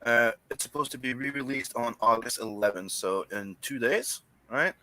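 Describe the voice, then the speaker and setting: A man from French Canada co-hosting a podcast, talking in animated, casual banter that swears often and stumbles over restarts. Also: medium pitch, normal speed, no room sound. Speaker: podcast co-host.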